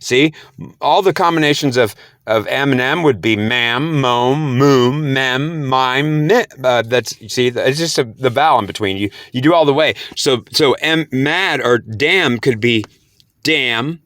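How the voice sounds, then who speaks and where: A man's voice: mid-range voice, unhurried, a bit bright, no room sound, clean studio sound. A man explaining spirit messages to camera. He repeats himself, sounds out words syllable by syllable, and breaks into incredulous outbursts. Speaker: spiritual speaker.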